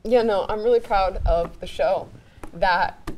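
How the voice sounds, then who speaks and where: A woman's voice: mid-range voice, measured pace, a little mellow, rough recording. A young woman producing a student TV show, giving a rambling farewell speech while crying, apologizing and laughing through tears, with many ums. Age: young adult.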